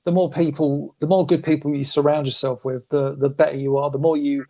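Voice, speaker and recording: A man's voice: fairly high pitch, little pitch movement, a little fast, darkish tone. A man chatting casually on a podcast, rambling with restarts and swearing. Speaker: podcast regular. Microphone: phone.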